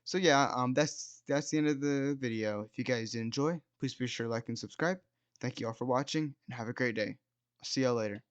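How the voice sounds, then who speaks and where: A young man in his late teens tells a casual storytime, rambling, self-mocking, and leaning on "like" and "dude". His voice sits at an everyday middle pitch. The recording sounds dry and a little dull and lo-fi. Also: fairly quick, dry recording. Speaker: storytime video host.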